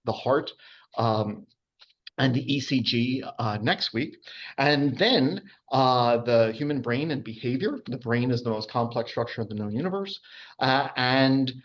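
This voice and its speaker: Chatty male anatomy lecturer, muffled sound. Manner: chatty, full of fillers and asides, wide pitch swings. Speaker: anatomy and physiology instructor. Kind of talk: informal public lecture.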